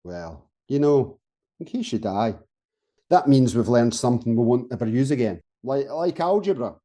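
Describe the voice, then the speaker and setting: A man voicing a grumbling space soldier who mocks everything. His voice is dark and mellow, mid-pitched, the sarcasm laid on dry. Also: animated, moderate pace, natural voice. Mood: sarcastic. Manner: sardonic, dry. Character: sarcastic rebellious male soldier. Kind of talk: audio comedy acting.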